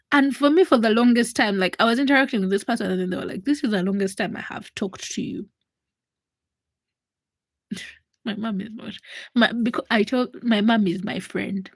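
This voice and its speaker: A woman in her twenties, hosting a livestream and telling a personal story in a casual, animated way, acting out the voices of the people in it. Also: mid-range voice, no echo. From Uganda. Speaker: livestream host.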